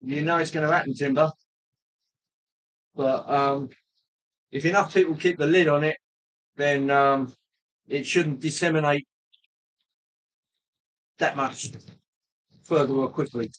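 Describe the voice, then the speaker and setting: Man, casual livestream chat, rambling and jokey, higher-pitched voice. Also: fairly even intonation, rough recording. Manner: rambling, jokey, pauses with ums. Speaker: livestream host.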